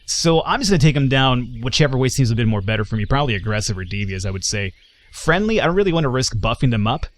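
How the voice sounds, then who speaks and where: A man's voice: mid-range voice, lively intonation, fast talker. A man hosting a let's play, giving casual gameplay commentary in a chatty, self-deprecating way as he thinks aloud.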